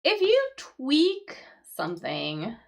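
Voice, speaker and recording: Slow-talking woman teaching English vocabulary. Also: high voice, huge pitch swings, gravelly, slight background noise. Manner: explains slowly with frequent "right?" checks and fillers. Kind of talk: live-stream crossword vocabulary lesson.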